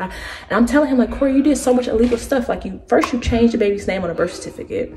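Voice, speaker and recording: Young woman vlogger, slightly low voice, animated and chatty as she tells her story to the camera. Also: quick pace. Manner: animated, keeps addressing listeners as "y'all"; acts out other people's words as she tells it.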